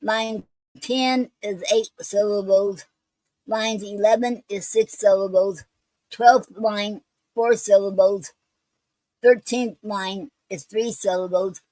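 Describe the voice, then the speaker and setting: A woman's voice: mid-range voice, steady tone, takes it slowly, a little mellow, no room sound, rough recording. A woman hosting a poetry show, reading poems and explaining a poetic form in a hesitant way, with many ums and restarts.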